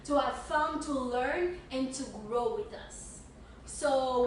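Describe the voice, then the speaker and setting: A woman's voice: high voice, takes it slowly. A woman from Haiti co-hosting a casual podcast, welcoming listeners with many fillers and repeated phrases. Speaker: podcast co-host. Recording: echoey room, distant mic, faint hiss.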